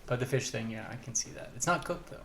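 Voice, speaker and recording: A man co-hosting a podcast, talking casually in a chatty, animated way with lots of "like" asides. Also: medium pitch, fast talker, gravelly, a little hiss or hum. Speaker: podcast co-host. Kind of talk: casual chat.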